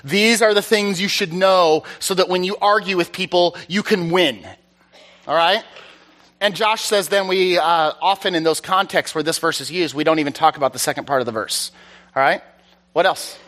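A man's voice: high voice, moderate pace, a bit bright. A man giving a conversational teaching sermon, chatty and self-deprecating, often checking in with his listeners. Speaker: preacher. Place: church service.

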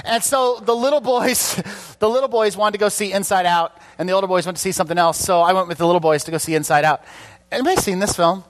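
A middle-aged man preaching a conversational sermon, chatty and casual, often asking the congregation questions. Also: a little high. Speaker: pastor.

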